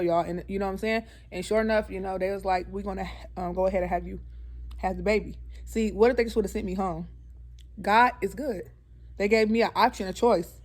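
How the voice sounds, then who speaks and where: A woman's voice: mid-range voice, a little mellow. Earnest chatty woman vlogger. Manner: earnest and talkative, often calls the viewers "y'all"; slips into preaching with emphatic repetition. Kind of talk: casual storytime chat to camera.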